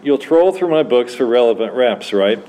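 A man's voice: medium pitch, lively intonation, moderate pace, warm tone, lightly acted. A man reading aloud and voicing a smug, glib male AI clone avatar with a slick, self-assured manner, at a church literary evening.

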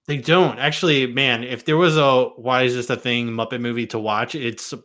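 A man's voice: medium pitch, steady tone, normal speed, fairly bright tone. A man hosting a casual podcast chat, joking and bantering with friends. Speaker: podcast host.

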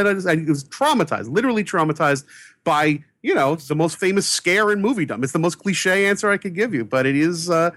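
An excitable man from New York, a movie critic, tells a story on a podcast. His voice sits a little high and swings widely in pitch, and the sound is close and dry, with no room echo. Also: fairly quick. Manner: excitable, acts out quoted voices with big pitch jumps. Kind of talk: animated anecdotal storytelling.

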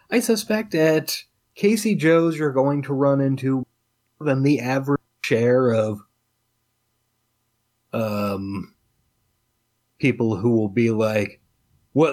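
Rambling podcast co-host, lively pitch. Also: male voice. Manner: rambling, hesitant with fillers. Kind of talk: casual chat.

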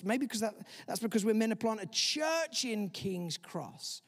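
High-voiced man preaching in a hall. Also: a little slow, hardly any pauses. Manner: animated preaching with acted-out inner voices. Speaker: pastor. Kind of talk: sermon.

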